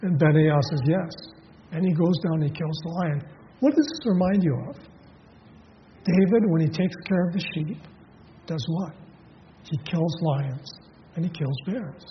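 Preaching in a conversational style, a man with a voice on the high side questions his listeners and frequently restarts with fillers. He speaks at a normal pace but pauses often, captured as dull audio in an echoing hall with slight background noise.

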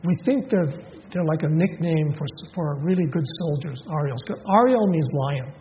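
Male preacher, conversational sermon, slightly high voice, dull audio, long hall reverb. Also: moderate pace, slight background noise. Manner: conversational, asks the listeners questions; many fillers and restarts.

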